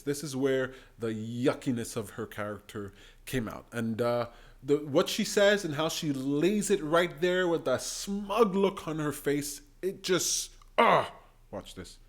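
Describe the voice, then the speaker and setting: A man hosting a political commentary channel, reacting to debate clips with animated, indignant outbursts. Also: fairly high pitch, measured pace. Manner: animated, bursts into indignant exclamations.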